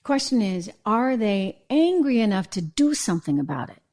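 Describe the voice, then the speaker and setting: A woman's voice: mid-range voice, very animated, normal speed, a little mellow. A woman hosting a political talk show, delivering an emphatic, conversational opinion monologue and checking in with viewers. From New England. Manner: emphatic, conversational, asks viewers "right?" and "okay?".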